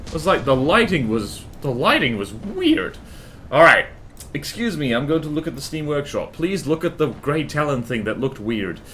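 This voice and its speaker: A man's voice: a little high, sing-song, moderate pace, a bit bright. Young male streamer, loose rambling delivery, greets chat, faint hiss under the mic. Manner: rambling, self-mocking, greets chat by name. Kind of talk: casual gaming livestream chat.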